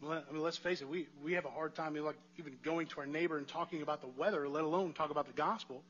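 A man delivers a sermon in a chatty, conversational way, often turning to the congregation with rhetorical questions. His voice sits high and sounds bright and forward. The recording is a little muffled and lo-fi. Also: fairly even intonation, fast, a little hiss or hum. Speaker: pastor.

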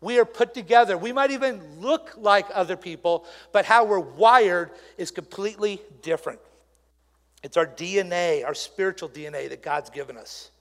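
A man with an unusually high voice delivers a sermon in a church sanctuary. He talks in a conversational, animated way, stopping for asides to the congregation. His voice carries a long reverb through the hall. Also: moderate pace. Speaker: pastor.

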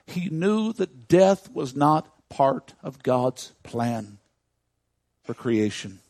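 A man preaching a sermon as a pastor, moving from quiet, close talk to loud, shouted preaching. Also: fairly high pitch, big pitch swings, very slow, dry recording. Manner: swings from hushed intimacy to loud shouting preaching. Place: church.

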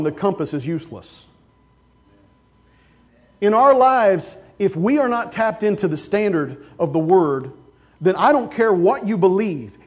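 A male pastor preaching a sermon, with casual stories and sudden loud, emphatic outbursts. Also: high voice.

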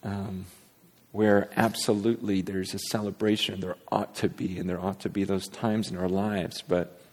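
A man's voice: low voice, level tone, normal speed, darkish tone, in a large hall. A man preaching a sermon to his congregation, talking candidly and rambling, with many restarts. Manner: candid, rambling, self-deprecating with frequent restarts. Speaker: pastor. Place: church sanctuary.

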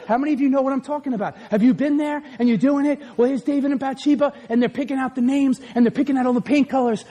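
A man preaching a sermon, telling a story with animated, conversational energy. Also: extremely high pitch, fast talker, few pauses. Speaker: pastor.

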